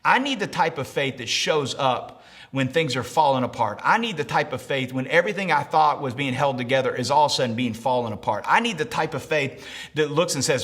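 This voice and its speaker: A man preaching a sermon as pastor, repeating phrases and acting out the people in his story, rising to shouts at the high points. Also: brisk. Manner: animated preaching, repeats lines and acts out quotes, shouts at peaks. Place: church service, also streamed online.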